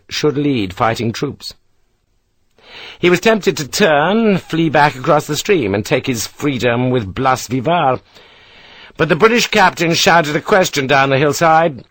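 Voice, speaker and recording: Man reading an audiobook, steady even telling, medium pitch, dry close mic. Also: no room sound. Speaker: audiobook narrator. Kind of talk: scripted narration.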